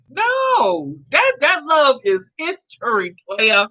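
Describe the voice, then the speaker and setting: A woman in her fifties telling a personal story to her viewers in a casual, animated way, laughing often. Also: extremely high pitch, takes it slowly, hardly any pauses, low-quality recording. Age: 50s. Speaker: vlogger.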